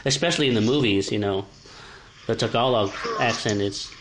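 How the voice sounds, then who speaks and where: A man's voice: fairly low pitch, fairly quick, background noise. A man in casual conversation who talks hesitantly, often restarting and repeating words. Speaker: conversation partner. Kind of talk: casual chat.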